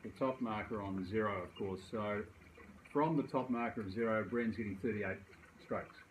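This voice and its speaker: An Australian man co-hosting a casual chat, dry and halting, often pausing with "uh". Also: on the low side, slight background noise, rough recording. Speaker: co-host. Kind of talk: casual chat about club golf handicaps.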